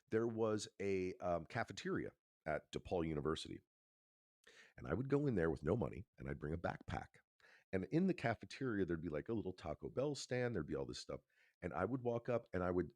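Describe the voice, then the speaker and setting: A man's voice: low-pitched, darkish tone, dry recording, studio quality. A man co-hosting a podcast, telling a personal story in a casual, emphatic way and swearing now and then. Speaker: podcast co-host.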